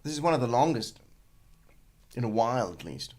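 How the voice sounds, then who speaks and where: A man's voice: medium pitch, sing-song, brisk, a little mellow. A young adult man co-hosting a podcast in casual banter, dry and teasing, laughing easily. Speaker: podcast co-host.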